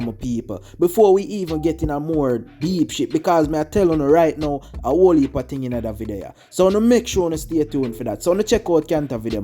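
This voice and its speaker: A man's voice: a little high, dark tone. A man with a Jamaican accent hosting a commentary channel, talking straight to his viewers and keeps calling them "my people". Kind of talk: casual commentary.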